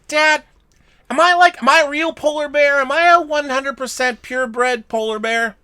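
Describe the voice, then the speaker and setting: A man voicing an anxious young male polar bear cub in a high, squeaky, pleading voice while telling a joke. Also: steady tone, normal speed, bright, forceful tone.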